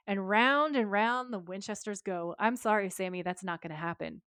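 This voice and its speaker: A woman co-hosting a podcast, recapping an episode in casual chat and acting out the characters' lines with quick shifts of voice. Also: medium pitch, a bit bright, clear, resonant tone, no echo, clean studio sound. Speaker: podcast co-host.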